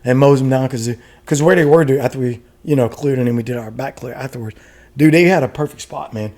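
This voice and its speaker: A middle-aged man, a retired soldier, telling war stories in casual podcast chat, animated and profane, laughing often. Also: mid-range voice, fast talker. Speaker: guest, retired Army special forces soldier.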